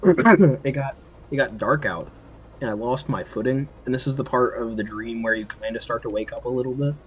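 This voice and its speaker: Young male streamer, casual storyteller, rambly and profane, mid-pitched voice. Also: moderate pace, a little hiss or hum. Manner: rambling, swears a lot, many fillers. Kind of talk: casual storytelling while gaming.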